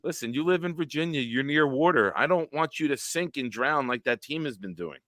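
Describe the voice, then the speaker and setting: A man hosting a casual live-stream chat, telling stories and acting out other people's lines loudly. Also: a little high, brisk, no room sound, clean studio sound. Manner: animated storyteller, acts out quotes loudly. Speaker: podcast host.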